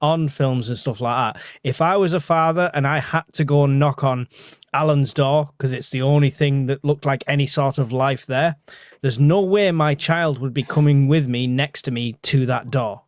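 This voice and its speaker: Mid-pitched man, dry close sound, measured podcast talk. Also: no echo. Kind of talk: casual podcast discussion.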